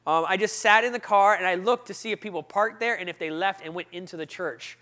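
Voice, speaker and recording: A man preaching a sermon, telling a personal story in a lively way, acting out the people in it and swinging from loud outbursts to hushed asides. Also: high-pitched, brisk.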